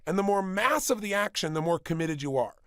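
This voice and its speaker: Gravelly high-voiced emphatic man. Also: animated, a bit bright, dry recording, clean studio sound. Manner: emphatic, repeats phrases for effect; rapid-fire rhetorical questions. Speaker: motivational speaker. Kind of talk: motivational workshop talk. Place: studio with a small audience.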